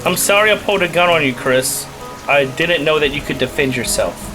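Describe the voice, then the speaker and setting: Over music, the young host of a gaming channel chats through his let's play at a brisk clip, his voice a little high and expressive. He rambles, jokes and adds playful asides while recovering from a cough.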